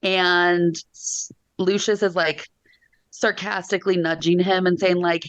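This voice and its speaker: A woman's voice: fairly low pitch, a little slow, dry recording, dull audio. A woman co-hosting a casual podcast chat, retelling scenes and acting out quotes. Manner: lively, gravelly, acts out quotes. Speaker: podcast co-host.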